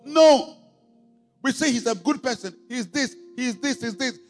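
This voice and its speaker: A man preaching a sermon as pastor, emphatic and repetitive, building up to shouts. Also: extremely high pitch, normal speed. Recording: long hall reverb, faint music.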